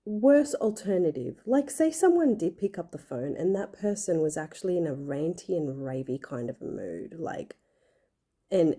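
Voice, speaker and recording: A woman's voice: fairly low pitch, dark tone. A young woman, talking casually and earnestly to her viewers, with many fillers. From Australia. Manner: chatty and earnest, many fillers, acts out quoted voices. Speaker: vlogger. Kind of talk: casual personal talk to camera.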